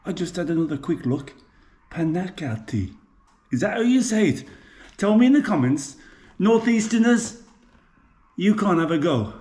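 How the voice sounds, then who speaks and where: His voice is fairly high-pitched with a darkish tone. He's a home cook from Birmingham, England, with the city's accent, vlogging casually as he cooks in his kitchen, chatting to viewers and poking fun at himself, with echo and faint clatter in the background.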